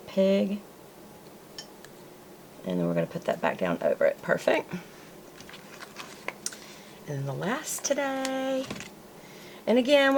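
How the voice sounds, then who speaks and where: A woman's voice: medium pitch, darkish tone, a little hiss or hum, poor audio. A woman with a Southern US accent chatting casually as she works on a planner, talking to herself along the way. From American South. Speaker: planner vlogger. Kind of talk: casual chat while crafting.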